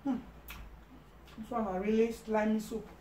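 A woman's voice: fairly high pitch, flat delivery, a little slow, noisy background. A woman with a Nigerian accent hosts a casual eating-show vlog. She teases, laughs often and slips into pidgin. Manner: playful, laughs often, teasing, mixes in pidgin. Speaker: vlog host. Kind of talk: casual mukbang chat. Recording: roomy sound from a distant mic.

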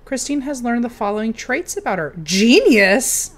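A young woman giving casual, excitable commentary while playing a video game, cheering on her character. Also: fairly high pitch, moderate pace. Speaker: game streamer.

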